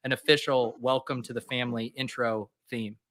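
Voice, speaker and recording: A man's voice: mid-range voice, fairly even intonation, fairly quick, fairly bright tone. A man hosting a casual sports podcast, playful and teasing with crude jokes. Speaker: podcast host. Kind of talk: casual chat.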